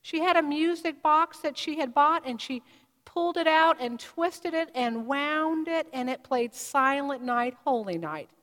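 A woman preaching, retelling a story in a measured, vivid way. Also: sits high, lively intonation, a bit bright. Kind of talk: sermon storytelling. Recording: reverberant hall.

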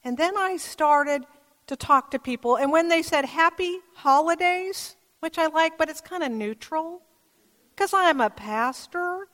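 A woman pastor giving a sermon in a church, telling stories in a gentle, measured way. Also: sits high, animated. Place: church sanctuary. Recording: long church reverb.

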